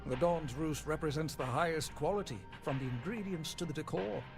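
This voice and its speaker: A smooth fancy restaurant greeter in a game, salesy and proud, loud music behind. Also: male voice, fairly quick. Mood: promoting. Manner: polished sales-pitch delivery.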